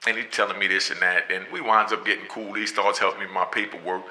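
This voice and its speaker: A middle-aged man telling a story in a casual, animated way, often checking in with the listener. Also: low voice, fast, rough recording. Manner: animated, often asks "you know what I mean", laughs between lines.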